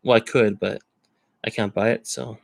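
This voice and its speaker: A man's voice: lowish voice, steady tone, moderate pace, creaky, no room sound. A man rambling in casual live-stream chat, thinking aloud as he browses card listings. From Canada.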